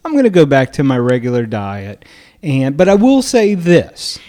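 A male podcast co-host talking in an easygoing, jokey way. His voice is warm and mellow, at an ordinary pitch for a man. He laughs readily as he tells stories. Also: wildly swooping pitch, normal speed. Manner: playful, laughs often, jokey asides. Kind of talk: casual chat.

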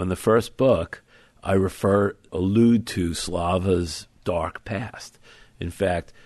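Author guest, low male voice, thoughtful and measured, dry close studio sound. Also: darkish tone, breathy edge, no echo. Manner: thoughtful, measured, explains at length. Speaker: author being interviewed. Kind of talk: conversational interview.

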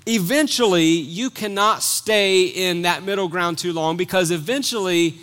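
A man with a high voice preaches a sermon. He reads the verses and then talks them through, repeating a word now and then as he gathers his thought. His voice swells into loud, emphatic peaks. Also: unhurried, smooth. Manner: repeats words while thinking aloud.

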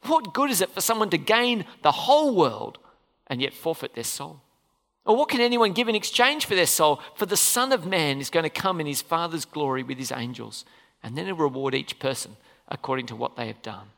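A bright, animated preacher delivering a sermon with a voice that swings up and down. The sound rings out with the long reverb of a church hall. Questions keep going out to the congregation. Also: mid-range voice, fairly quick, vocal fry. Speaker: pastor.

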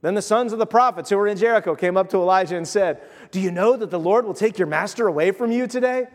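A man's voice: high voice, fast, in a large hall. A man preaching a sermon, retelling scripture in a casual, conversational way with voiced asides. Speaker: pastor.

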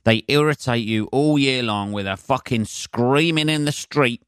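A man's voice: medium pitch, a little slow, fairly bright tone, clear, resonant tone, no room sound, studio quality. Sweary sarcastic man ranting solo. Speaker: podcast host. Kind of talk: solo comedic rant.

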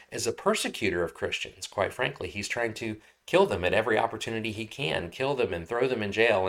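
A man preaches a sermon to his congregation in an easygoing, talky manner. His voice sits on the lower side, and he keeps checking in with listeners as he explains scripture and tells stories. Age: adult, married. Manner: conversational, often asks "right?". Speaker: pastor.

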